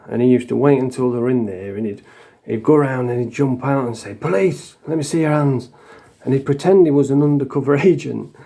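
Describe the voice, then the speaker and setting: A man's voice: mid-range voice, gravelly, warm tone. A man from the Doncaster area with a Yorkshire accent, telling blunt, rambling stories to camera in casual vlog style, swearing often. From Doncaster area, England. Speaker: vlogger.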